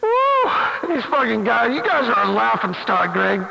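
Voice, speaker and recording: A man with a very high, gravelly, sharp voice and huge pitch swings talks a little slowly while taunting another CB operator, laughing and cursing in on-air banter. The radio sound is hissy with a long reverb.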